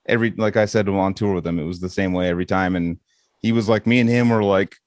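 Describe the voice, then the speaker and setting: A young man with a Californian accent, co-hosting a metal podcast in casual chat, excitable, laughing often and swearing a lot. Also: sits low, fast, no room sound, clean studio sound. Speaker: podcast co-host.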